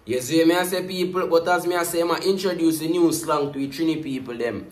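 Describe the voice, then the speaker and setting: Animated Jamaican man in a roomy recording. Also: a little high, a little fast. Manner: Jamaican patois, animated, constant catchphrase refrains. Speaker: music reaction YouTuber. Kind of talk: casual music reaction commentary.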